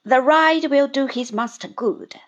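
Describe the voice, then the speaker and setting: A woman reading a brisk, fond old aunt. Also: high voice. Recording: dull lo-fi recording.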